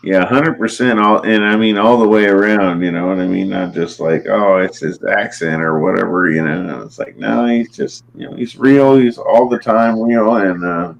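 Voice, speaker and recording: A man's voice: lowish voice, moderate pace, creaky, hardly any pauses. A man from Oklahoma in a casual chat, rambling and crude with lots of fillers and swearing.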